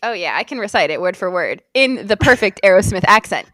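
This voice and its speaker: A woman co-hosting a casual podcast chat, giggly and thinking out loud as she guesses. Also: mid-range voice, fairly quick, dry recording, studio quality. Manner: giggly, animated, thinks aloud. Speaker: podcast co-host.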